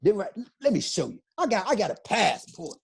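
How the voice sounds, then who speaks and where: A man's voice: high voice, sing-song, fairly quick, gravelly, slightly rough. A middle-aged man, a guest on an interview podcast, telling his story in an emphatic, repetitive, impassioned way.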